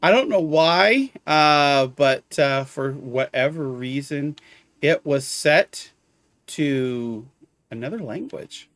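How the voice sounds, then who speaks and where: A man's voice: a little high, expressive, slow, a bit bright, no echo. A man live-streaming a video game, chatting casually with viewers, exclaiming at the graphics and apologizing for hiccups.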